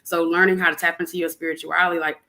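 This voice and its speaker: A young adult woman in casual spiritual chat on a podcast, animated and preachy, talking plainly with lots of fillers. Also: fairly low pitch, racing. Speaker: podcast guest.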